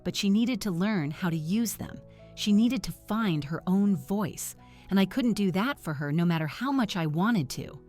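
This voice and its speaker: A middle-aged woman narrating a first-person family story in an earnest, measured way. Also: medium pitch, animated, a little mellow, soft background music.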